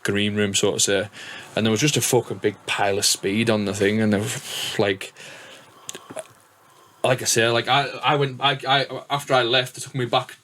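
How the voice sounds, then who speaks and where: Low-voiced northern English podcast host. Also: male voice, fairly even intonation, moderate pace, a bit bright, a little hiss or hum. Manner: rambling, swearing, restarts. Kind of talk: casual podcast chat.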